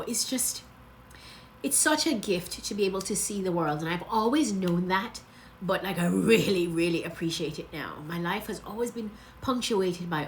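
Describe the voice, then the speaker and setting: Chatty woman on a livestream, gushy and rambly, kinda teary, faint hiss behind her. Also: medium pitch. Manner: gushing, chatty, laughs often; rambling, loses her train of thought. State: emotional, close to tears. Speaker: travel vlogger. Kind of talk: casual livestream chat.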